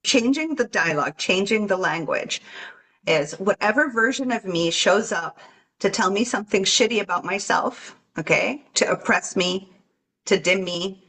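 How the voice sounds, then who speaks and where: Husky earnest woman on a podcast, does little gasps and voices for her inner self. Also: mid-range voice, a bit bright. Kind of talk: casual podcast chat.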